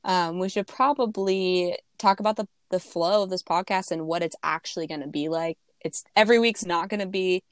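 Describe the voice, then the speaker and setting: A woman's voice: on the low side, steady tone, normal speed, few pauses, dry recording. Chatty young woman podcast host. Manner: chatty, laughs often, many restarts. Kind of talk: casual chat.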